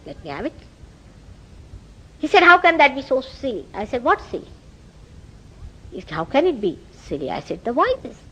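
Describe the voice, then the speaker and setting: Indian lady spiritual teacher, high voice that swoops around a lot, tells stories and plays out the back-and-forth. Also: rough recording. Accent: Indian English. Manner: animated storytelling, acts out quoted dialogue. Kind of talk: spiritual lecture.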